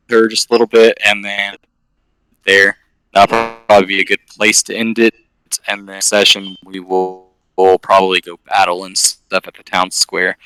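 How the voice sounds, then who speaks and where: A man's voice: on the low side, sharp tone, poor audio. A man narrating as game master in a casual, rambling way, with lots of fillers.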